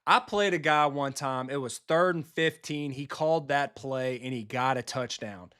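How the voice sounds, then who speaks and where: Male game streamer, mid-pitch, loose and profane, chatting with viewers over live football gameplay. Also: moderate pace, pushed and bright, clean tone.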